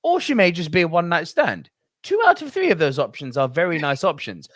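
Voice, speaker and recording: Man, podcast co-host, swearing storyteller, lively swooping pitch, dry close sound. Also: a little fast, no echo. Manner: profane, animated storyteller. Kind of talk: casual podcast chat.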